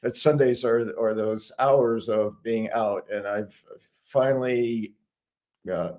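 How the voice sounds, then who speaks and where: A man's voice: medium pitch, fairly even intonation, slow, darkish tone. An older American man telling a personal anecdote as a regular guest, chatty, amused and self-deprecating. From United States. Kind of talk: casual storytelling.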